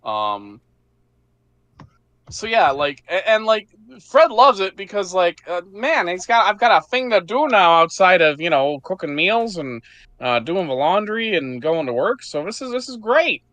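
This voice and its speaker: High, very lively male player, stammers, bright tone. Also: measured pace, no room sound. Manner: stammering, animated. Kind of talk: casual tabletop play.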